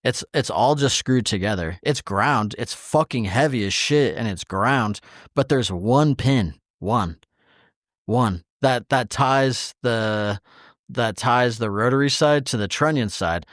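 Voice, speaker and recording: A man's voice: medium pitch, takes it slowly, fairly bright tone, dry recording, studio quality. Exasperated man swearing through a work rant. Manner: exasperated storytelling, heavy swearing, acts out quoted exchanges. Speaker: podcast co-host. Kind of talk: casual podcast chat.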